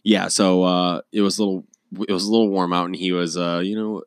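Low-voiced joking American man. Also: flat delivery, a little fast, clear, resonant tone, no room sound, studio quality. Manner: rambling, joking, self-mocking. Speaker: podcast co-host. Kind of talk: casual chat.

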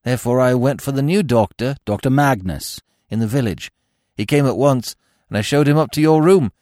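A man voicing a composed male servant who reports events briskly and matter-of-factly. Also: medium pitch, darkish tone, no echo, clean studio sound, voice pushed up, close to an everyday voice.

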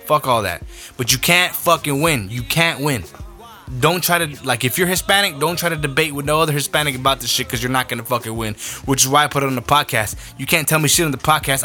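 A man's voice: mid-range voice, pushed and bright. A young adult man hosting a podcast, ranting his opinions bluntly with heavy profanity. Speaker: podcast host.

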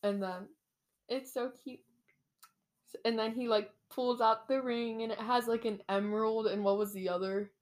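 A woman's voice: on the high side, steady tone, normal speed. A young woman casually retelling a book's plot in a rambling, giggly way full of fillers. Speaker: storyteller. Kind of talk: casual chat.

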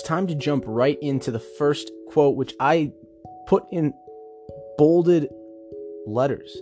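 A man hosting his own show, musing aloud in a rambling, self-interrupting way, recorded at work without a microphone. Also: mid-range voice. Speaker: podcast host. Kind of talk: casual solo musing. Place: workplace.

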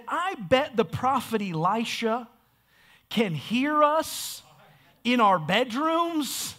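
A man preaching a sermon with energy, often repeating words as he restarts and building up to shouts. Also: extremely high pitch. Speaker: pastor.

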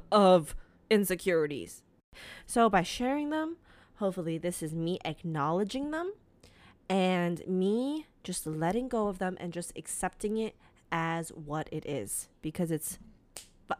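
A woman's voice: medium pitch, dry recording. A young woman hosting a podcast, talking candidly and profanely in a casual confessional monologue and laughing often. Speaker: podcast host.

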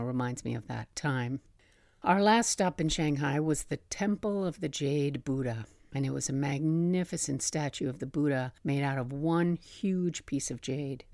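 A middle-aged woman shares memories from a long-ago trip in a chatty, storytelling way, breaking into laughs and asides. Her voice sits low in pitch. The sound is dry and close, with no room around it. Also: gravelly, darkish tone, dry recording. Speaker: podcast host. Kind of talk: personal travel memoir storytelling.

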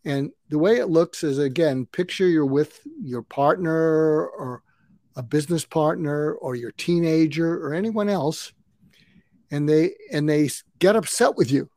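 A man in his seventies speaking in a somewhat high voice for his age, calm and explanatory. He walks through advice step by step and acts out little exchanges. The sound is close and dry, with hardly any room around it. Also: unhurried, no echo. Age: 70s. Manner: calm, advice-giving, acts out sample dialogue. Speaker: conflict coach. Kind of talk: podcast interview guest.

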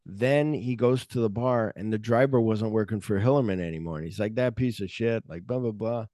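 A man's voice: fairly low pitch, a little fast, warm tone, dry recording, studio quality. A man hosting a casual movie podcast, retelling scenes with lots of profanity and acting out the characters' lines. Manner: profane, uses fillers like "like". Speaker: podcast host.

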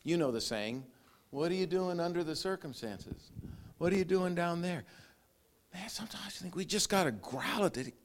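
Animated preaching man, lively pitch. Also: moderate pace. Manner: animated preaching, acts out quotes, growls and laughs. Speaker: pastor. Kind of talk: sermon.

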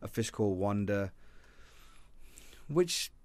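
A man's voice: fairly low pitch, animated, takes it slowly, dry recording. A man co-hosting a casual film review chat, rambling with many restarts and fillers. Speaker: podcast co-host.

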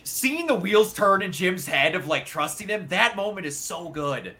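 A man chatting casually about video games as a podcast co-host, excitable and quick to act out lines he remembers. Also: high voice. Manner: excitable, acts out game dialogue with laughs. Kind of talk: casual gaming chat.

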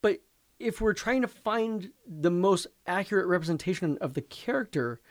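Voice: medium pitch, expressive, normal speed. A podcast co-host talking casually about movies, blunt and opinionated, swearing freely.

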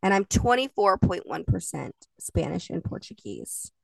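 A woman's voice: on the low side, sing-song, moderate pace, creaky, dry recording, distant mic. A young adult woman co-hosting a podcast in casual chat, laughing often and swearing offhandedly. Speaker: podcast co-host.

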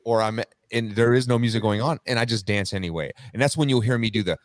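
Upbeat, low-voiced male podcast guest. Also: quick pace, no echo. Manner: upbeat motivational talker. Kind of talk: casual podcast chat.

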